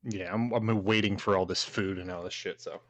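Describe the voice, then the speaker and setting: A man's voice: low voice, steady tone, normal speed. A man playing in a tabletop game, laid-back and rambling as he tells what his character does. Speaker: player. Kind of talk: casual tabletop play.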